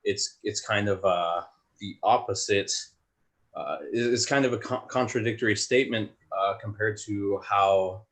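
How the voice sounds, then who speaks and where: A young man who founded a supplement company, talking in a hesitant, halting way with many restarts in a casual roundtable chat. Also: fairly low pitch, a bit bright.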